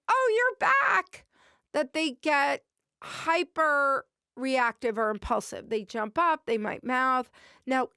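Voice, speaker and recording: A woman's voice: high-pitched, fairly bright tone, no echo, studio quality. A woman dog trainer hosting a podcast, explaining in a patient, instructive way and giving advice to listeners.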